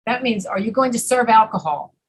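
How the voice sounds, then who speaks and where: A woman teaching an English pronunciation class, patiently repeating words slowly to demonstrate sounds. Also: fairly high pitch, lively intonation, slightly rough, low-quality recording. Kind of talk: online pronunciation lesson.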